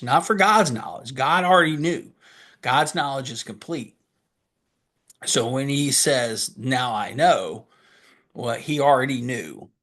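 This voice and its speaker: Earnest pastor explaining scripture. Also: male voice, mid-range voice, fairly bright tone. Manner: earnest, reads scripture aloud and stops to explain it; asks questions and answers them himself. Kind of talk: sermon.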